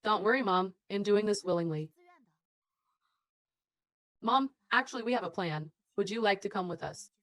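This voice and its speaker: A woman's voice: mid-range voice, moderate pace, pauses often, no room sound, lightly acted. A woman dubbing a determined young bride in a drama, speaking in a firm and earnest manner. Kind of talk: dubbed drama dialogue.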